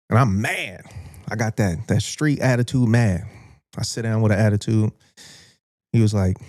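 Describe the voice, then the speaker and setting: A man with an American accent hosting a podcast, telling a story in a casual, animated and profane way and acting out the people he quotes. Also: on the low side, normal speed, long pauses, no room sound, clean studio sound.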